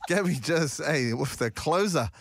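Playful New radio host, lively. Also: male voice, on the high side, takes it slowly, creaky, slightly rough, no room sound. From New Zealand. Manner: playful, bursts into singing and rapping. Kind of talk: casual breakfast radio banter.

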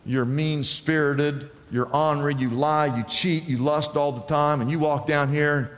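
Animated man preaching in a reverberant hall. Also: on the high side, normal speed. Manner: animated storytelling, acting out quoted voices. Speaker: pastor. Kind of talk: sermon.

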